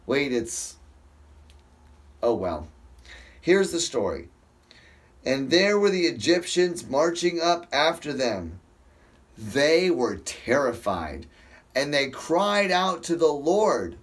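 Guy doing a chill bible study, reads verses real slow, keeps cutting himself off and wandering off topic, kinda high voice. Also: very animated. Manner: rambling, self-interrupting, digressive. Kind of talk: casual scripture reading with commentary.

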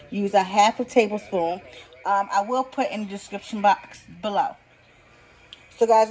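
A woman's voice: mid-range voice, mellow, slightly rough, low-quality recording. A woman hosting a casual home cooking tutorial, chatty and upbeat, talking straight to her viewers, recorded on a phone in her kitchen. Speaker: cooking vlogger. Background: faint football game on TV.

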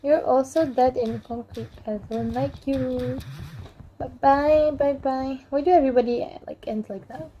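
A woman's voice: sits high, fairly even intonation, unhurried, muffled recording, slight background noise. A woman casually commenting while playing a mobile game, playfully bossing around and threatening the game characters. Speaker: gameplay channel host.

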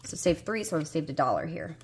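Fast and very animated, this Southern US woman in her forties has a low, slightly mellow voice, with some slight background noise. A budgeting vlogger, she chats casually to herself while playing a budgeting game and searching for pieces, mildly exasperated.

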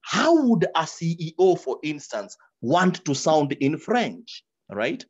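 Animated workshop speaker. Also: medium pitch, slow pace, slightly rough, highs cut off. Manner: animated, repeats words while searching for them, drops into quoted examples. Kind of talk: advice talk in a webinar.

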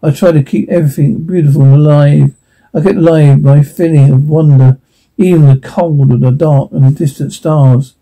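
Reflective man with a dark husky voice. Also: on the high side, steady tone, low-quality recording. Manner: slow, reflective, with slips and restarts. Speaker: reader narrating a radio play. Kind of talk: amateur reading of a radio script.

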